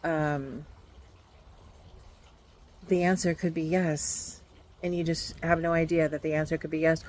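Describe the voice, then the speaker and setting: A woman's voice: low voice, flat delivery, unhurried, darkish tone, poor audio. A woman doing a casual tarot card reading, musing aloud and hesitating with many fillers. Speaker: tarot reader.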